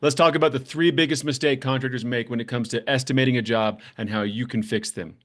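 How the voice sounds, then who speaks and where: A man's voice: mid-range voice, fairly even intonation, quick pace, fairly bright tone. A man hosting a construction business show, giving blunt, plainspoken advice and telling stories, with the odd swear word. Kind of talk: casual advice talk to camera.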